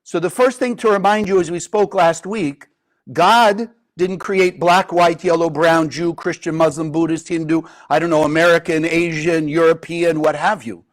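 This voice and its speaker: A man's voice: on the high side, fairly even intonation, moderate pace. A man teaching a group in a live class, retelling a story and asking many rhetorical questions. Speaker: Kabbalah teacher.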